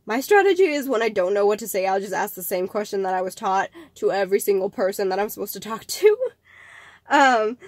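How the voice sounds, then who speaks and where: A woman with a mid-range voice hosts a casual vlog, rambling chattily with lots of laughs and filler words. The recording has no echo.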